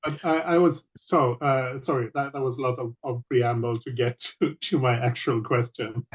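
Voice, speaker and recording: A man playing in a tabletop game who talks haltingly and keeps correcting himself. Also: medium pitch, steady tone, breathy edge, lo-fi sound. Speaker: player.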